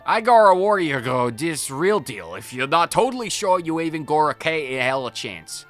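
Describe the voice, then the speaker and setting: A man's voice: fairly high pitch, sing-song, normal speed, a bit bright, soft background music. A man voicing a blunt lone male warrior in a video game, speaking in a thick put-on accent. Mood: gruff. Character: lone male warrior who challenges heroes.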